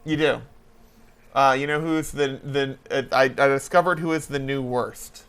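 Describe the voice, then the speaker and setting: A man's voice: mid-range voice, normal speed, clean tone. A man hosting a talk show, chatting casually and rambling through stories with many hesitations. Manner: rambling, hesitant, animated storytelling. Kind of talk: casual chat.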